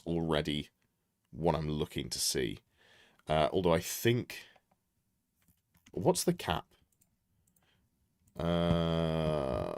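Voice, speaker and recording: Guy on stream going over a wargame list, low voice but bouncy, dry close mic, keeps second-guessing himself out loud. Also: dry recording. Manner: thinking aloud, self-correcting, chatty asides to chat. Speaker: streamer reviewing army lists. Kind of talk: casual live-stream commentary.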